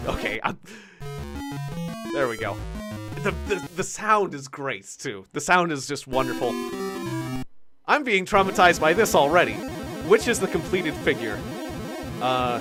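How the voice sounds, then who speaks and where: A man streaming a game live, talking nervously to chat with lots of stammered restarts and self-mocking laughs. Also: fairly high pitch. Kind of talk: live gameplay commentary. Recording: game music playing behind. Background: game music.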